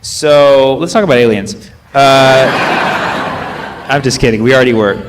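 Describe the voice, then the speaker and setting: With a medium-pitched voice and a measured pace, a stand-up comedian does live crowd work at a comedy club. He asks the audience questions and corrects himself mid-sentence. The room is noisy with laughter and murmur.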